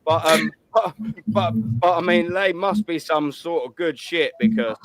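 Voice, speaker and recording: A man's voice: on the high side, animated, a little slow. A man hosting a live call-in stream, talking in blunt, laddish banter full of swearing. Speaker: host of a call-in show. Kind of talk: casual live stream chat.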